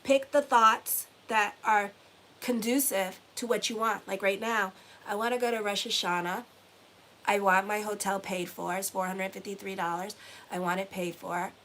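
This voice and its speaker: A woman's voice: mid-range voice, fairly even intonation, moderate pace, fairly bright tone, slight background noise. A middle-aged woman astrologer talking casually to her viewers, blunt and swearing freely, repeating phrases for emphasis. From Haitian heritage. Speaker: astrologer and tarot reader. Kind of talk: casual motivational talk to viewers.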